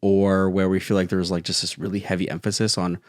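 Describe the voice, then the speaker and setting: A man's voice: low voice, level tone, brisk, no room sound, clean studio sound. A young man co-hosting a casual podcast as a therapist, talking through ideas in a loose, joking way. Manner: joking and playful.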